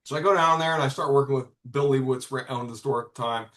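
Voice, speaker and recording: This guest, a comics publisher in his fifties, chats casually on a podcast, telling stories in a rambling manner with frequent restarts and some profanity. He talks fast at a medium pitch, with a slightly bright tone and a roomy sound.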